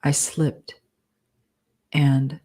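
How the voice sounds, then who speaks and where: Slow low-voiced woman dictating aloud. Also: little pitch movement, mellow. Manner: slow, measured, speaking punctuation aloud. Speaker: author dictating a novel. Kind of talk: live dictation of fiction with spoken punctuation.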